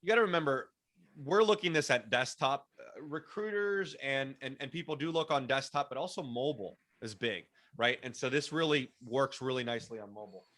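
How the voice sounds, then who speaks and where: A man whose first language is Spanish leads an online workshop over a video call. His voice is bright and forceful, and his talk is coaching, with frequent restarts and repeated words. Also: medium pitch, fairly quick. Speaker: workshop presenter.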